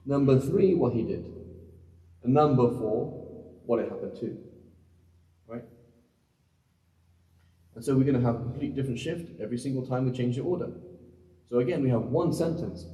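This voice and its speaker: A man's voice: mid-range voice, mellow, far from the mic. Man teaching in an echoey hall. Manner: questioning, repeats points to students. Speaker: Islamic teacher. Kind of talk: classroom lecture on Quranic Arabic. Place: large hall, mosque center.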